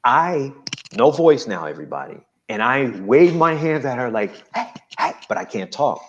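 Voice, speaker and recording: A man's voice: mid-range voice, normal speed, lo-fi sound, slight background noise. A man from New Jersey, a guest giving an emphatic personal testimony in an interview. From New Jersey, USA. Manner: animated, emphatic storytelling.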